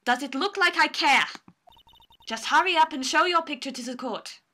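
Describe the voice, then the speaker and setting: A woman's voice: high-pitched, moderate pace, sharp tone. Woman playing a scornful, imperious prosecutor. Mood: impatient. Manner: scornful and commanding. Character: haughty, imperious young woman prosecutor with a whip.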